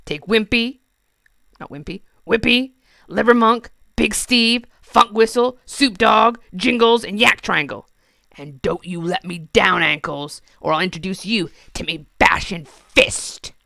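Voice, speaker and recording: A woman's voice: mid-range voice, unhurried, creaky, no room sound, studio quality. A woman reading a storybook and voicing a bossy, brutish male goblin king who bellows and bullies. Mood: bellowing. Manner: loud, bellowing, coarse and bullying.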